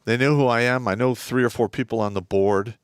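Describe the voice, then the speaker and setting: A man's voice: mid-range voice, steady tone, brisk, clear, resonant tone, dry recording, studio quality. A man co-hosting a casual livestream, telling stories in a brash, profane, boastful way. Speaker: co-host.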